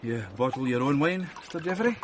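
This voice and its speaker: An actor playing a measured, politely probing investigator in a period crime drama. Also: male voice, fairly high pitch, animated, background noise, natural voice. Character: calm, probing male investigator.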